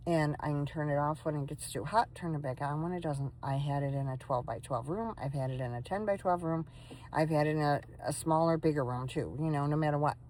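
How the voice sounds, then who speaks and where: A woman's voice: low-pitched, dark tone, slight background noise, low-quality recording. A tired woman chatting casually to her phone camera from inside a parked van, sometimes breaking off to talk to her dog. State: tired, coughing. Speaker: van life vlogger. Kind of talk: casual vlog chat.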